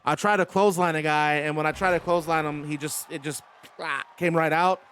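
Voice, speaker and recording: A man casually commentating a video game wrestling match, rambling and excitable, drifting into personal stories. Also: fairly high pitch, brisk, clean tone. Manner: chatty, rambling and excitable, swears. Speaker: host and commentator.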